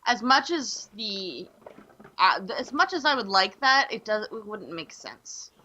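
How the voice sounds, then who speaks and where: Woman, podcast host, bright lively voice, blunt opinions, slightly dull lo-fi audio. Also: medium pitch. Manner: blunt, opinionated, quick reactions. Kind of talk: casual chat.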